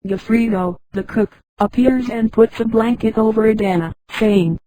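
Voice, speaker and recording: A woman's synthetic voice narrating a sci-fi story in an even, flat reading that reads punctuation marks aloud. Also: a little high, moderate pace, few pauses, no echo, low-quality recording.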